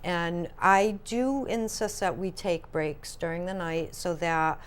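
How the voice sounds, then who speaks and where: A woman co-hosting a casual paranormal chat, telling stories in a chatty, animated way. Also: on the low side, slow, clear, resonant tone. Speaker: paranormal podcast co-host.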